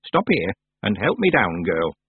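A man voicing a stern old woman witch who gives clipped, sharp orders. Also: fairly low pitch, wildly swooping pitch, a little slow, husky, no echo, exaggerated voice. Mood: commanding. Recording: tinny phone-like sound.

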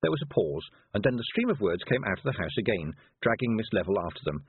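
A man reading a storybook aloud in an expressive way, giving the characters their own voices. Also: lowish voice, quick pace, few pauses, breathy edge, dry recording. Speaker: audiobook narrator. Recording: dry, tinny phone-like sound.

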